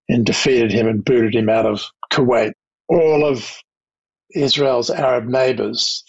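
An older man with an Australian accent, recounting his diplomatic career in a measured, anecdotal interview manner. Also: mid-range voice, vocal fry, breathy edge, lo-fi sound. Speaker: guest, diplomat. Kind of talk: reflective interview storytelling.

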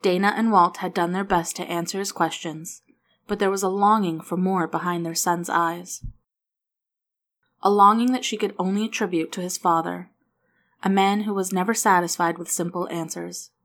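A woman reads a story aloud in an even, unhurried way. Her voice sits on the low side for a woman. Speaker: narrator.

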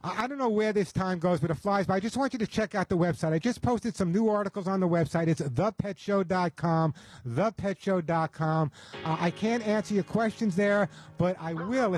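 A man hosting a radio call-in show, giving advice in a chatty, folksy way and often repeating his words. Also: high voice.

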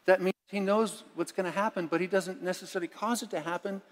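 Expressive preacher in a reverberant church. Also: male voice, high voice, quick pace. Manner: expressive, swings from hushed reading to loud emphatic lines. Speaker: pastor. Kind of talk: sermon. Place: church sanctuary. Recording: church sanctuary with long reverb.

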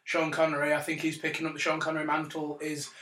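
A man on a comedy quiz panel, telling stories excitably and breaking into mimicry. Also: a little high, fast, roomy sound. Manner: excitable, bursts into mimicry and laughter. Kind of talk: animated storytelling on a panel.

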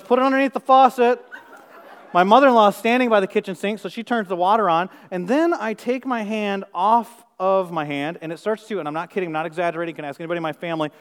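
A man in his thirties preaches at a rapid clip, his voice sitting a little high. He tells his story with animated, self-mocking humor, acting out the quotes. A long reverb trails his words through a large hall. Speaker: pastor. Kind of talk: storytelling sermon.

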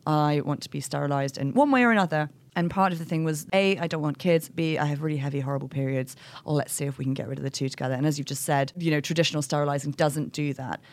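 A woman's voice: low voice, fairly even intonation, fast, few pauses. A woman co-hosting a podcast, chatting casually and animatedly, laughing often and jumping between tangents. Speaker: podcast co-host. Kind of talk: casual chat.

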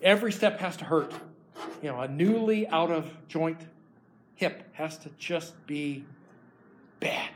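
Male preacher, slightly higher voice, casual storytelling sermon, voices the characters. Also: animated, a little slow, pauses often, a little hiss or hum, poor audio. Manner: retells scripture casually, acting out voices with restarts.

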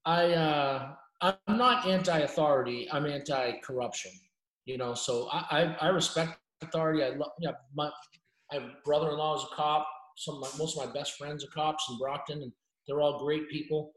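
A man's voice: a little high, normal speed, a bit bright, roomy sound, low-quality recording. A middle-aged man, a journalist talking bluntly on a casual podcast interview, often restarting his sentences. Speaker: journalist guest.

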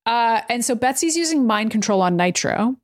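A woman's voice: a little high, moderate pace, no room sound, clean studio sound. A woman co-hosting a podcast, casually recapping a cartoon episode and laughing often. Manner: laughs often, quotes characters in flat retellings. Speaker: podcast co-host.

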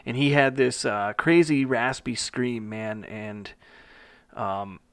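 A man's voice: medium pitch, slow, fairly bright tone, smooth, no echo. A young man co-hosting a podcast, telling loose stories full of swearing and quoted voices in casual chat. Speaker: podcast co-host.

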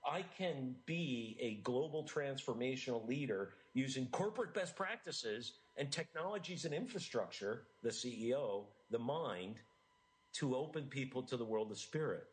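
A middle-aged American man gives an eager interview in a voice of ordinary pitch for a man. He is earnest and animated, often restarting his sentences as he pushes his ideas forward. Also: moderate pace, low-quality recording. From United States. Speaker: author and interview guest. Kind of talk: enthusiastic interview talk.

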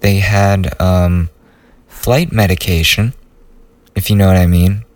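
A man's voice: sits low, little pitch movement, moderate pace, warm tone, no echo, far from the mic. A young man hosting a solo podcast, rambling loosely through a profane personal story in a casual way. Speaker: podcast host.

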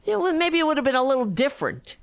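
A woman's voice: high-pitched, sing-song, fast talker. A woman giving an angry reaction commentary on a political clip, swearing and talking back with sarcastic asides.

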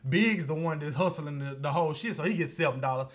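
A man co-hosting a podcast, telling a story in casual chat with lots of laughter and sudden high-pitched outbursts. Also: fast talker. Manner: animated, laughing storyteller, voice jumps high when excited. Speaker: podcast co-host.

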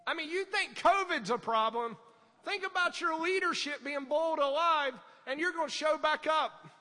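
A man preaching a fervent sermon, swinging from quiet asides to loud exhortation. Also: extremely high pitch, normal speed, long reverb tail. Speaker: pastor.

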